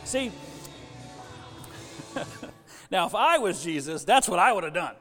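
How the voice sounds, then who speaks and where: A pastor in his sixties preaching a sermon, an animated storyteller who jokes with his congregation. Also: sits high, fairly quick, soft background music. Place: church sanctuary. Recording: long church reverb.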